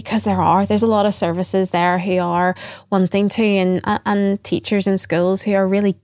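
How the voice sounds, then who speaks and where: A woman's voice: mid-range voice, level tone, moderate pace, a little mellow, dry recording, clean studio sound. Earnest woman on a podcast. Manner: earnest, reflective, quoting others' words. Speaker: podcast guest, trainer and former teacher. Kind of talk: conversational interview.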